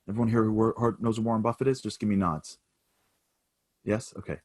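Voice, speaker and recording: Motivational speaker, low husky voice, dramatic storyteller on stage. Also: male voice, steady tone, fairly quick, long pauses. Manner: dramatic storyteller, swings from hushed to loud. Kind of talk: storytelling keynote.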